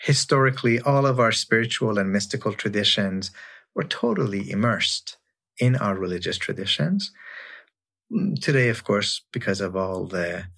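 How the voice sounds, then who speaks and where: A man talking thoughtfully in an online interview, sometimes reading poetry lines in a hushed voice. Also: gravelly. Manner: slow, lively pitch, reads poem lines with hushed voicing. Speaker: guest scholar.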